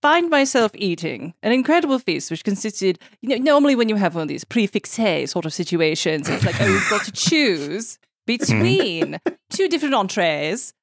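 A woman putting on a prim, calm British lady. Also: medium pitch, no echo, clean studio sound. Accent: put-on British. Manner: measured, prim, keeps adding "mind you". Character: calm, genteel British woman recounting a meal. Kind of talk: comedic voice bit on a podcast.

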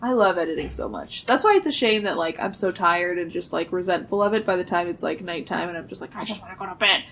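A young woman co-hosting a podcast, chatting casually with frequent "like" and deadpan teasing. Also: on the low side, fast talker, gravelly, a little hiss or hum. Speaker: podcast co-host. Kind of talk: casual chat.

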